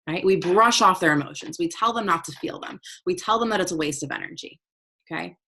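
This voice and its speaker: Husky-voiced woman coaching on confidence. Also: lowish voice, a little fast, bright, forceful tone. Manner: conversational, keeps checking in with "right?" and "okay?"; frank, uses casual swearing. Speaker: emotional intelligence coach. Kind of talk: motivational teaching talk.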